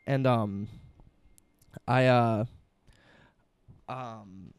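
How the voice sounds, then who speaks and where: A young man in casual podcast chat, swearing freely and telling an animated story full of quoted asides. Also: medium pitch, extremely slow, clear, resonant tone, no room sound.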